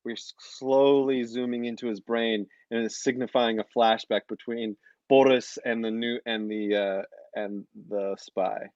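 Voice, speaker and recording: A man narrating camera shots in an improvised scene, halting and filling with "uh". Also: mid-range voice, fairly even intonation, a little mellow, dry recording. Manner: laughing, halting camera directions. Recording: dull dry lo-fi sound.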